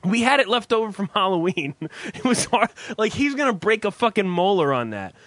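A man casually telling a profane, animated story on a podcast. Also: high voice, brisk, no room sound. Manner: profane, animated, self-mocking.

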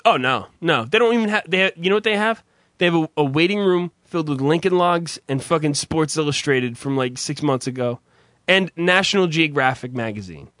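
A male radio host bantering casually, ranting bluntly and swearing constantly while stammering into restarts. His voice is bright and fairly high for a man, animated and fairly quick. The recording is dry and close-miked, with no echo.

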